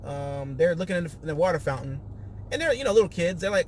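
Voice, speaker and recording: A man's voice: on the high side, lively intonation, fast, a little mellow, slight background noise. A man hosting a casual podcast, recapping a reality show and acting out quotes in raised voices.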